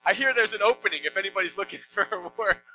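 A man preaches in a church with a high, bright, cutting voice. He tells the story emphatically and drops joking asides to the congregation. The recording is a little dull, with a faint hum underneath. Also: quick pace, no room sound. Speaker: pastor. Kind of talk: sermon.

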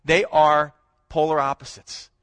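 A man preaching a sermon as pastor, swinging between loud emphatic lines and low hushed ones. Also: level tone, measured pace, a little hiss or hum. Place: church.

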